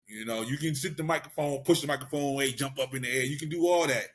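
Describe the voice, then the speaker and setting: A man in relaxed podcast conversation as a guest, giving easygoing, encouraging advice. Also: medium pitch, quick pace, slight background noise. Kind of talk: casual podcast chat.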